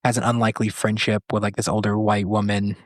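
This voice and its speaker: A man's voice: lowish voice, flat delivery, quick pace, dry recording. Guy co-hosting, hyped talking comedy, acts out bits, dry close sound. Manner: enthusiastic, acts out sketch lines. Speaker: podcast co-host. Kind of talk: casual conversation.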